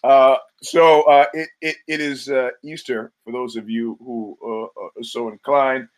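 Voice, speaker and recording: A man's voice: medium pitch, fairly even intonation, unhurried, no echo. A man hosting a live-streamed solo monologue on a headset mic, rambling and wry, often poking fun at himself. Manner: rambling, wry, self-mocking. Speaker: show host. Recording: dull dry lo-fi stream audio.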